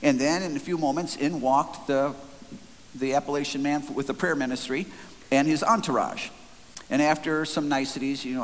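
A man's voice: a little high, brisk. Earnest man telling a sermon story. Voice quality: earnest, conversational, frequent restarts. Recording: faint hiss, long hall reverb.

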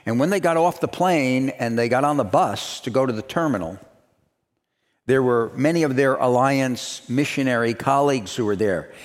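A man's voice: medium pitch, moderate pace. A man preaching a sermon, telling a story and then building to emphatic, repeated declarations. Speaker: pastor. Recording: reverberant hall.

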